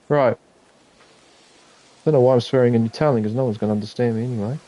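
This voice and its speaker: A man's voice: medium pitch, quick pace, pauses often, mellow, dry recording. A man chatting casually on a live game stream, muttering to himself and swearing when frustrated. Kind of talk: casual live-stream chat while gaming.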